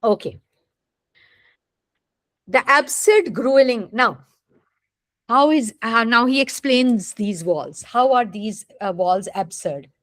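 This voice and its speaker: A woman's slightly high, animated voice with a fairly bright tone comes through with no echo. Teaching literature, she lectures deliberately and frequently asks rhetorical questions to see if her students follow.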